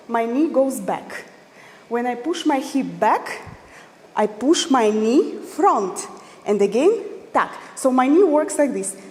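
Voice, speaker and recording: High-voiced woman counting dance beats slowly. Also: a little mellow. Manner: counts beats aloud while demonstrating, non-native phrasing. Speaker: dance teacher. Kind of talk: instructional dance lesson. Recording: long hall reverb.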